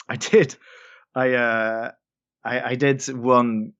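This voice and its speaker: A man chats as a guest on a podcast, telling his stories in a loose, easygoing way and laughing at himself often. His voice sits at an average pitch. The audio sounds somewhat dull and lo-fi. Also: flat delivery, very slow, a bit bright, clean tone. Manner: chatty storyteller, laughs often, self-deprecating. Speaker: voice actor guest. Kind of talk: casual podcast interview.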